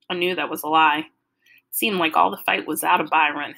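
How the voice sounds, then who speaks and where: A woman reading a novel aloud in an expressive, lively storytelling manner. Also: deep voice, moderate pace, gravelly, poor audio. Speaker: audiobook reader.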